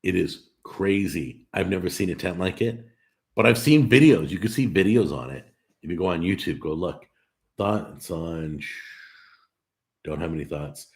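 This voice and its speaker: Male live-stream host with a low, deep voice, casual and chatty with viewers, animated and full of restarts. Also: normal speed, creaky. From California. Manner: talkative and animated, with frequent restarts. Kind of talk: casual live stream chat, reading and answering viewer comments.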